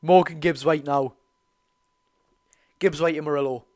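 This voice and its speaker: A teenage man with a Geordie accent giving a live fan commentary on a football match, talking to his chat, his voice going hoarse. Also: fairly high pitch, moderate pace. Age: teens. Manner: excitable, chatty, calls the play and talks to chat. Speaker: fan watch-along host.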